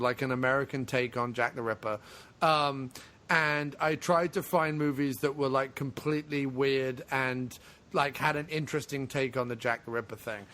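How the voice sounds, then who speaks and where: A man hosting a podcast, chatting casually about films, animated and laughing, swearing freely. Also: medium pitch. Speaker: podcast host. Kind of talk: casual chat.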